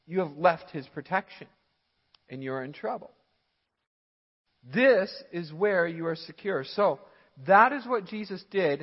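Emphatic pastor preaching, echoey church hall. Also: male voice, on the high side. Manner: emphatic, repeats key phrases for stress. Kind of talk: sermon. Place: church sanctuary. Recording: church hall reverb, dull lo-fi audio.

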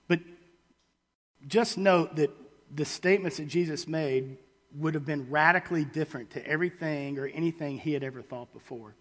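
A man delivers a sermon, reading scripture and retelling it in casual, halting paraphrase full of restarts. His voice sits a touch high for a man. A long reverb trails each phrase, as in a large hall. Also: a bit bright. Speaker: preacher.

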